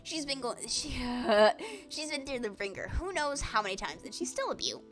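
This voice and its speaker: A woman voicing a cocky, boastful older man who talks in a loud, folksy way. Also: high-pitched, very animated, moderate pace, soft background music, voice pushed up.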